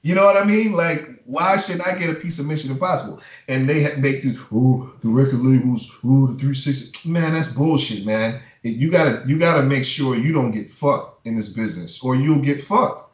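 A man's voice: a little high, normal speed, hardly any pauses. A man who works as a music publisher, giving blunt, profane advice in a casual interview and ranting with heat. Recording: roomy echo.

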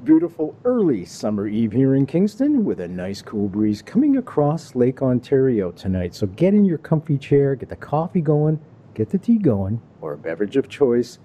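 A Canadian man hosts a laid-back talk show, talking to his listeners in a folksy, animated way. His voice is deep in tone, very dark and mellow. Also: moderate pace. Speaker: show host. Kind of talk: relaxed talk show hosting. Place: Kingston, Ontario.

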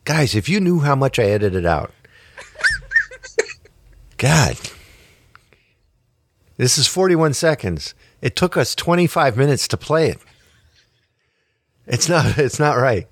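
A man's voice: medium pitch, sing-song, no echo, studio quality. A male podcast host in casual chat, playful and teasing. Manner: playful, teasing, quick to laugh.

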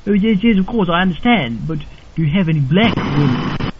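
Prank caller: a man playing a prim, high-voiced posh Englishman, polite and insistent; lo-fi audio. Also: lively intonation, brisk. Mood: politely creepy. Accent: put-on posh English. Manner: overly polite, formal, insistent. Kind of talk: prank phone call. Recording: dull lo-fi recording with faint noise.

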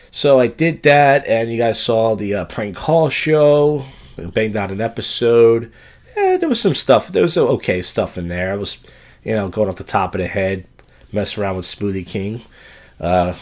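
Crude rambling male host, lively voice. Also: fairly low pitch. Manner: rambling, crude, self-mocking. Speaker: show host reacting to clips. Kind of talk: casual profane commentary.

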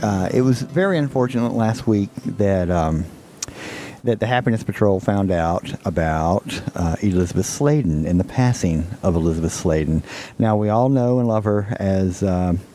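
A man hosting a casual podcast chat, talking haltingly with many fillers and restarts. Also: lowish voice, dark tone, soft background music. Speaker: podcast host.

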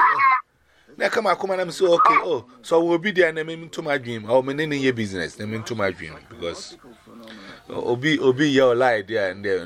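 Via video call, a Ghanaian-accented man offers a personal testimony. His account is told with lively storytelling and a pitch that leaps up and down.

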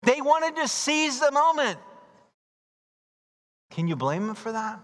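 A man preaching a verse-by-verse sermon, animated, acting out voices and shouting for emphasis. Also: very high-pitched, slow. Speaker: pastor. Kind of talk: expository sermon. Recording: long reverb of a large hall.

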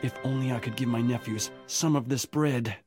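An actor playing a weary, desperate ex-convict man who talks slowly, with pleading sighs, in a storybook radio drama. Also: mid-range voice, fairly even intonation, music in the background, lightly acted. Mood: despairing. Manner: slow, pleading, sighing.

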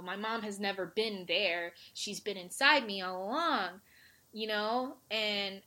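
A woman's voice: medium pitch, a bit bright, a little hiss or hum. A woman co-hosting a casual podcast, gushing emotionally about a series with lots of "like" fillers. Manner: emotional, gushing, heavy use of "like". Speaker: podcast co-host. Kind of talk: casual recap chat.

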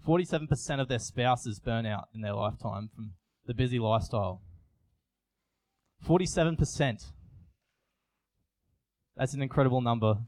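A man's voice: medium pitch, moderate pace, pauses often, a little mellow, no room sound. A young man, giving an earnest, confessional sermon with frequent restarts. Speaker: youth preacher. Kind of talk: personal sermon.

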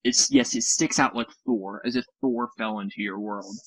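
Low-voiced man in casual gaming chat. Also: fairly even intonation, normal speed, crowd noise, poor audio. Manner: rambling, self-correcting, sarcastic. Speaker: podcast co-host.

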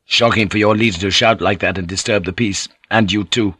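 A man voicing a brisk, stern samurai guard with curt politeness in an audiobook reading. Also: on the low side, steady tone, pushed and bright, slightly rough, no room sound.

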